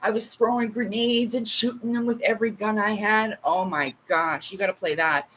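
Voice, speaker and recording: Her voice mid-range and bit bright, a late-thirties woman hosts a casual livestream, telling rambling stories full of asides. She talks at normal speed with fairly even intonation. The low-quality recording has slight background noise.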